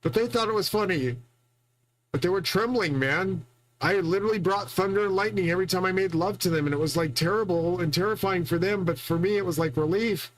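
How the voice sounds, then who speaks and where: A man with a fairly high voice talks on his own in a long, rambling monologue. He is boastful and profane, and he stumbles through restarts as he goes. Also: fairly quick, rough recording. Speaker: channel host.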